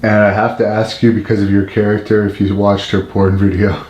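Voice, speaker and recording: Male interviewer, very deep and monotone, dark tone, roomy echo. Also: brisk, a little hiss or hum. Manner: direct, blunt questions. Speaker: interviewer, host. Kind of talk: interview questions. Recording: echoey room.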